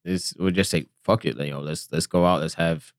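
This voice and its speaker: A man who is a combat veteran, speaking in casual chat with a stutter and halting restarts. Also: deep voice, fairly even intonation, dry recording, studio quality. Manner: stuttering, halting, trails off quietly.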